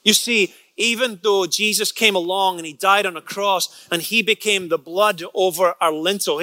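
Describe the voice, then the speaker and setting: A man with a high, bright, ringing voice preaches a sermon built around a personal story. He tends to repeat words as he builds toward a point and slips into quick character voices for what others said. The sound is close and dry, with no room around it. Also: no echo. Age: adult, past college age. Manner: storytelling, repeats words when excited, acts out quotes.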